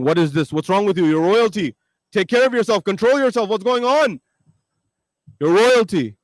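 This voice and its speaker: High-voiced male preacher telling a story. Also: no echo, rough recording. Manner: emphatic, repetitive, addresses listeners directly. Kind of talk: storytelling sermon.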